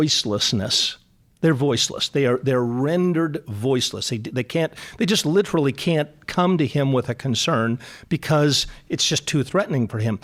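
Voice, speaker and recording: A middle-aged man, a psychologist guest on a radio interview, speaking earnestly and repeating words for emphasis. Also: mid-range voice.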